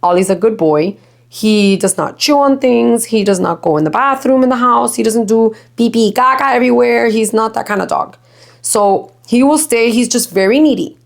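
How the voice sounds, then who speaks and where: A woman's voice: on the high side, normal speed, vocal fry. A young woman from Miami hosting a podcast in casual chat, swearing freely, laughing often and slipping into Spanish. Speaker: podcast host.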